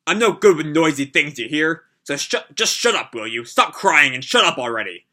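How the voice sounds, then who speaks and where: A man reading the lines of a short-tempered male mercenary thug who shouts threats at his captives from a manga. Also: a little high, big pitch swings, normal speed. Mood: angry. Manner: shouting threats, loud and impatient.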